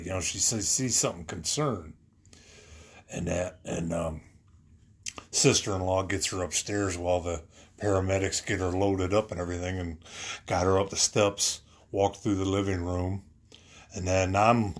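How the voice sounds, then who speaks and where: A man telling a personal story about his family in a rambling, earnest way, full of fillers and restarts. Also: deep voice.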